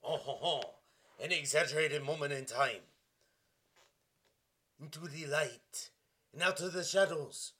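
A man's voice: a little high, unhurried, pauses often, pushed and bright, pitched above the performer's own voice. A man voicing an over-the-top male poet with an exaggerated fake French accent, reciting with theatrical sighing flourishes. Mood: mock-romantic.

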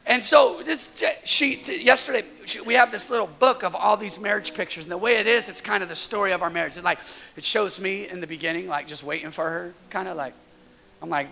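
A man in his thirties preaching a sermon in a church, energetic and storytelling, often repeating words as he builds a point. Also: high voice, moderate pace, creaky. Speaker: pastor.

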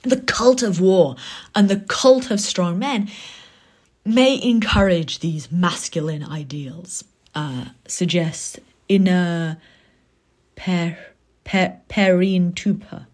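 A woman with a fairly low voice talks through a book review. She is thoughtful and conversational, and she drops into soft muttered asides. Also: slow pace.

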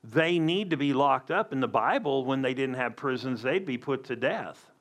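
A man's voice: medium pitch, animated, normal speed. A man preaching a sermon as a pastor, emphatic with conversational asides.

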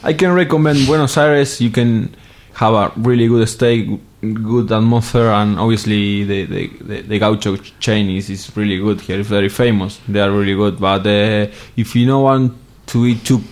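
A man from Argentina, a Spanish speaker, chatting as a guest in halting English with grammar. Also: lowish voice, fairly even intonation. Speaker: guest footballer. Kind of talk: casual interview chat.

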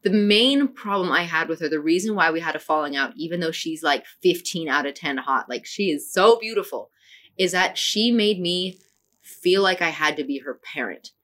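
A woman's voice: lowish voice, lively intonation, normal speed, fairly bright tone. A woman co-hosting a podcast, frankly telling a personal story in casual chat, acting out quoted lines. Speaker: podcast co-host.

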